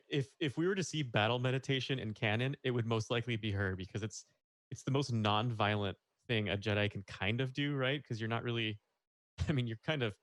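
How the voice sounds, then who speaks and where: Male co-host, deeper voice, dry close sound, musing and rambling. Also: fairly bright tone, dry recording. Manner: thoughtful, rambling with restarts. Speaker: podcast co-host. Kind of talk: casual podcast chat.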